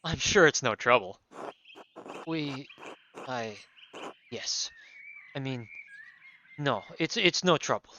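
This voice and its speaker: A man's voice: medium pitch, lively intonation, takes it slowly, pauses often, pushed and bright, highs cut off, a little hiss or hum. A man reading the lines of a polite, hesitant master painter in a game playthrough, in close to his own voice.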